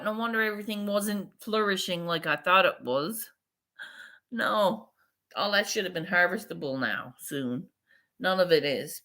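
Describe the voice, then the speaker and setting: A woman's voice: a little high, pushed and bright. A woman vlogging in casual, rambling chat, swearing freely and laughing often.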